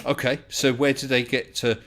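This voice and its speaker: A man's voice: mid-range voice, flat delivery, moderate pace, a bit bright. A man hosting a casual group livestream chat, laughing often and asking questions. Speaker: livestream host.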